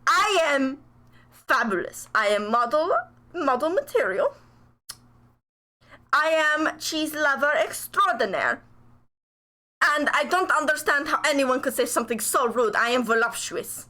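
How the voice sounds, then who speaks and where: A vain little meatball mascot, male and grandly self-admiring, played by a woman on a live stream. He brags loudly and takes offense easily. The voice is bright and slightly high. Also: lively intonation, unhurried, pauses often, heavily acted. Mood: boastful.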